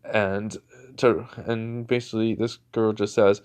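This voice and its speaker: A man's voice: on the low side, level tone, measured pace, darkish tone, clear, resonant tone. A young man improvising a fan story, rambling and filling gaps with "basically" and "like".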